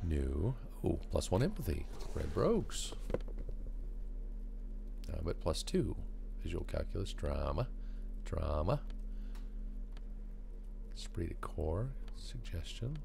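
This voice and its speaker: Deep gravelly man reading game text. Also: big pitch swings, slow, long pauses, noisy background. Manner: muttering stat names while reading. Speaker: gamer.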